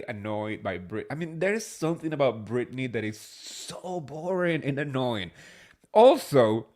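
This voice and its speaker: Opinionated guy guesting on a podcast, mid-pitch voice, chatty with lots of restarts. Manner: chatty, opinionated, with false starts. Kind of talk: casual gossip chat.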